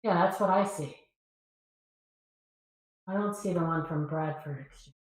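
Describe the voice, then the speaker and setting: A woman on a livestream panel over a video call, reacting with quick exclamations and questions. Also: on the low side. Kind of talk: casual livestream chat. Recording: very echoey room.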